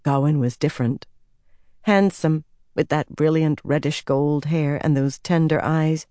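An audiobook narrator reading a fantasy novel in a steady, even storytelling manner. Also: medium pitch, unhurried, no room sound, clean studio sound.

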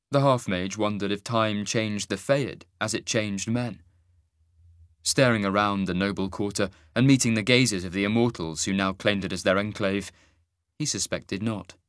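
A man narrating a fantasy audiobook in a measured, wry manner. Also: lowish voice, no room sound, studio quality.

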